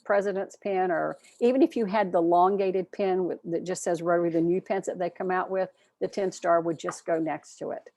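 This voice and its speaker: A woman's voice: lowish voice, fairly even intonation, brisk, few pauses, mellow, no echo. A woman giving a short, earnest program presentation at an online club meeting, speaking in a friendly, plain way over a video call.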